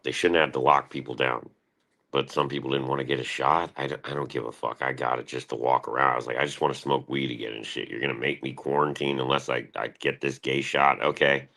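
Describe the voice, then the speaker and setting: A young man live-streams in the morning with a bright-tinged bass voice, rambling, cursing, and referring to himself in the third person.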